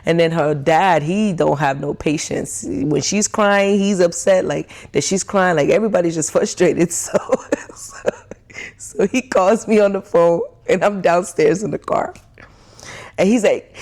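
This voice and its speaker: A woman's voice: on the low side, normal speed, vocal fry. A young woman telling a frustrated story in a casual rant, often laughing and acting out what people said. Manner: animated, laughs often, acts out quoted dialogue. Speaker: vlogger.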